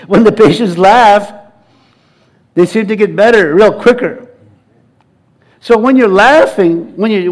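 A middle-aged man preaching with a high-pitched voice. He is animated and laughs often, leading the congregation in laughter. He circles back and restarts his phrases as he builds his point. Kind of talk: sermon.

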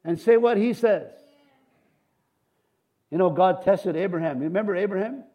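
Animated preaching man, high voice. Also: moderate pace, highs cut off. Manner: animated preaching with shouts of woohoo and amen, joking asides. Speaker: pastor. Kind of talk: sermon.

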